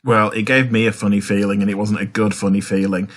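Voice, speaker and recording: A man's voice: on the low side, level tone, fast talker. A man co-hosting a podcast in casual chat, speaking emphatically and dramatically. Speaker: podcast co-host.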